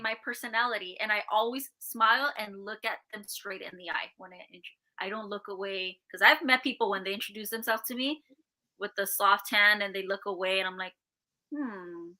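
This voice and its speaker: A woman's voice: medium pitch, steady tone, a little fast, pushed and bright, rough recording. A woman co-hosting a casual podcast, earnest and upbeat, often laughing as she shares personal tips. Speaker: podcast co-host.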